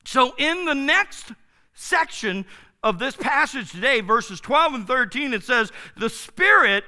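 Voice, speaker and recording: A male pastor delivers a relaxed, slangy sermon and swings from big excited bursts to hushed asides. His voice sits high, bright and ringing clear. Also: measured pace. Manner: enthusiastic, informal, slangy, dramatic swings in loudness. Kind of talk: casual sermon.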